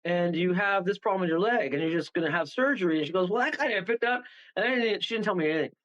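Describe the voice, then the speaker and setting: A man's voice: sits high, rapid-fire, a bit bright. Chuckling, rambling man on a lo-fi line. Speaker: medium and guest. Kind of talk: casual radio interview chat. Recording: dull lo-fi call audio.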